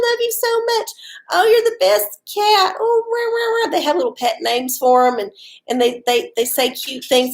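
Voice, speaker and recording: Chatty, profane woman streaming from home. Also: sits high. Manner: chatty and profane, often laughing. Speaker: livestream host doing oracle readings. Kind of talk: casual livestream chat. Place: home with dogs.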